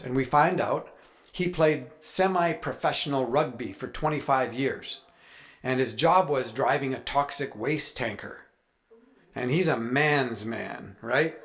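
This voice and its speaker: Chatty man telling a story. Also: mid-range voice. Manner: chatty, anecdotal, with playful humor. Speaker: author speaking at a writers' event. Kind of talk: storytelling talk to a live audience. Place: venue with a live audience.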